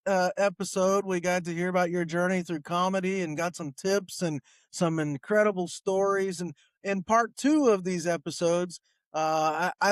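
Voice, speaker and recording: A male comedian hosts a podcast, chatting in an upbeat, filler-heavy way. His voice is high and smooth. It is recorded dry and close to the mic. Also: no room sound. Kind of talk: casual podcast hosting.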